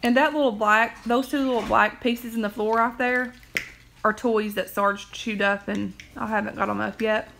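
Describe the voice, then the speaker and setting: A chatty woman with a drawl rambles through homey stories on a phone livestream. Her voice is bright and a touch high, and she sits curled up on the couch at home. She drifts from one tangent to the next and laughs at her own jokes. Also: fairly even intonation, normal speed, vocal fry, a little hiss or hum. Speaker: livestream host. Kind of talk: rambling casual chat.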